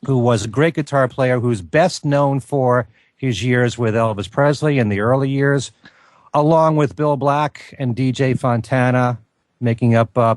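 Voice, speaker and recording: A man hosting a casual podcast chat, moving through introductions and topics. His voice sits at a middle pitch and sounds dry and close. He speaks steadily. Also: no room sound. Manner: introduces segments and guests. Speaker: podcast host.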